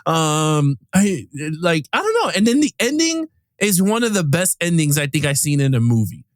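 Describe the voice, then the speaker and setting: A man's voice: fairly high pitch, big pitch swings, normal speed, dry recording, clean studio sound. A man co-hosting a podcast, chatting casually about a film and acting out lines with bursts of laughter. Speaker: podcast co-host. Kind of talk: casual movie review chat.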